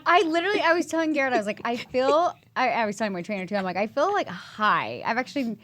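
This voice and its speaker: A woman's voice: on the high side, lively intonation, fast talker, fairly bright tone. Bubbly, rambling woman podcast host. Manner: bubbly, rambling, laughs often. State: tired and loopy. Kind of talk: casual podcast chat.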